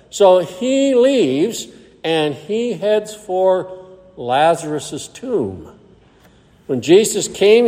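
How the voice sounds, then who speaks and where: A man's voice: a little high, mellow. Man preaching in a reverberant hall. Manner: reads scripture aloud in King James wording, then explains it plainly. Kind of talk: sermon with scripture reading.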